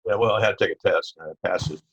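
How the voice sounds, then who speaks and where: An older man, a retired police captain, telling stories from his life in a rambling, halting way full of fillers and restarts. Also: low voice, husky, dry recording. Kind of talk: casual storytelling interview. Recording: dull lo-fi audio.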